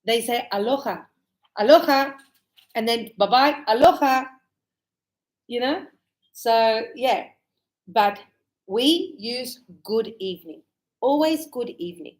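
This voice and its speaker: A woman teaching an English class, speaking slowly and clearly and acting out greetings as examples. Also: on the high side, low-quality recording. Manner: slow, clear, explaining with acted greetings. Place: Australia.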